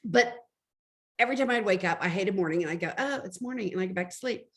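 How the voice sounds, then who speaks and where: A middle-aged woman speaks as a life coach at an ordinary middle pitch. She tells personal stories in a chatty way and talks straight to her audience. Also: quick pace, fairly bright tone. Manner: chatty storytelling, addresses audience directly. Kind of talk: motivational talk.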